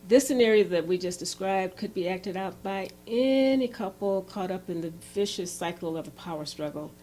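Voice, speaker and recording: Animated woman telling a story in a workshop. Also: medium pitch, normal speed, a little hiss or hum. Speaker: relationship workshop presenter. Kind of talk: storytelling lecture.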